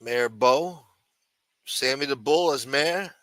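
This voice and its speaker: A man's voice: mid-range voice, slow, bright, forceful tone, no echo. A man hosting a livestream, rambling in a sarcastic, profane, casual way. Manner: rambling, sarcastic, heavy swearing. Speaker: livestream host.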